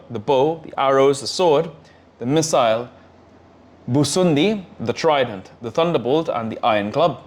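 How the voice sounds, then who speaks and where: A man reading scripture aloud in measured, short phrases. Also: medium pitch, a little mellow. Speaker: scripture reader.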